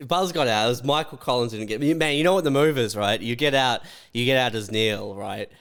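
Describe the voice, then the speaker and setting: Male comedy podcast co-host, mid-pitched, smooth voice, dry and profane. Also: fairly quick, fairly bright tone. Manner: laid-back, dry and profane, building absurd scenarios. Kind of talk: crude comedic banter.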